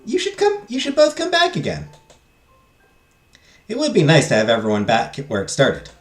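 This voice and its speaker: Man voicing a peppy young guy, excitable, upbeat lilt, high and bouncy, echoey room. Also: moderate pace, faint music behind. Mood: cheerful. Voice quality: upbeat, lilting. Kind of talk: reading game dialogue aloud.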